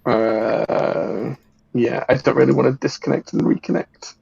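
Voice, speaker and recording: A man chatting in a relaxed way, heard through a low-quality webcam microphone. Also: measured pace, vocal fry, breathy edge, no room sound, dull audio. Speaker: podcast co-host. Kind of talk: casual chat.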